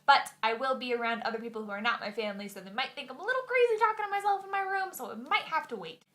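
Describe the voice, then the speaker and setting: A woman's voice: high-pitched, lively intonation, rapid-fire, a bit bright. A young woman chatting casually to her camera, telling stories in a chatty, self-mocking way. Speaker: vlogger. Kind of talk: casual vlog storytelling.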